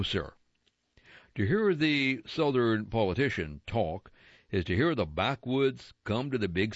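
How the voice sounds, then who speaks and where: Man reading a magazine aloud, lively pitch. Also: no echo. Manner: measured, deliberate reading with slowed emphasis on key words. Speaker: radio reader of magazine articles. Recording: dull lo-fi dry broadcast sound.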